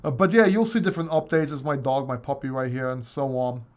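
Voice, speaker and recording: A man's voice: mid-range voice, fairly even intonation, quick pace. A man hosting a casual crypto livestream Q&A, joking and laughing often as he rambles through viewer questions. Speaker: crypto channel host.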